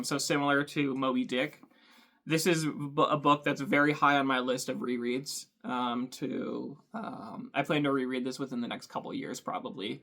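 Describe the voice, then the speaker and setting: A man hosting a book channel, talking thoughtfully to camera with frequent ums and pauses. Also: medium pitch, fairly bright tone. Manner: thoughtful, hesitant, many ums. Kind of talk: casual talk to camera.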